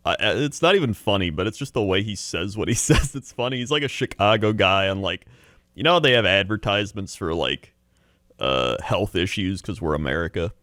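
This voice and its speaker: Podcast dude, lively up and down voice, dry close mic, laughs a ton. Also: male voice, fairly low pitch, brisk, no room sound. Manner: laughs often, rambling, does voices. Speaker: podcast co-host. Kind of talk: casual chat.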